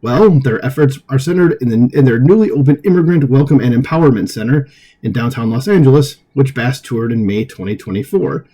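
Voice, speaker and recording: Dark-voiced man reading news with asides. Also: mid-range voice, expressive, fairly quick, breathy edge. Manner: conversational asides with frequent fillers and chuckles. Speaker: political commentary host. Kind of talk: casual commentary reading an article aloud.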